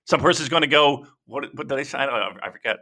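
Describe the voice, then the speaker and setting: A man's voice: medium pitch, fast. A man co-hosting a casual wrestling podcast, rambling and swearing as he tells stories. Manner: profane, rambling, animated storytelling. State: dealing with a sore shoulder. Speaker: podcast co-host.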